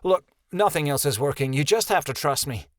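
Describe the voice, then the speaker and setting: A man voicing a bold young princess who talks briskly and confidently. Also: fairly high pitch, animated, no room sound, studio quality, lightly acted.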